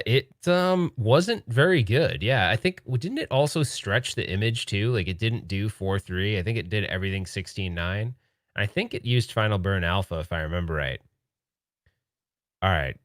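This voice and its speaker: A man's voice: on the low side, no echo, studio quality. Laughing man hosting a late-night livestream. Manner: laughing, joking, excitable but hushed. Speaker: livestream host. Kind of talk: casual livestream chat. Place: home room at night.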